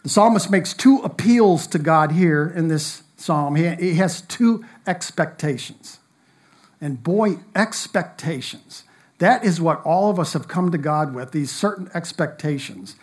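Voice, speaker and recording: A man preaching a sermon, reading scripture aloud in an earnest manner, with emphatic rises and soft drops. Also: fairly high pitch, expressive, measured pace. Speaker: pastor.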